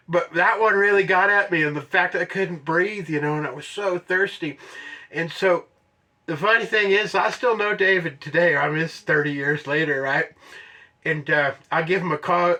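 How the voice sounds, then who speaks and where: Bright-voiced older man telling a story. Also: on the high side. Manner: animated, rambling, laughs often, drawls for emphasis. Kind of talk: casual spoken storytelling.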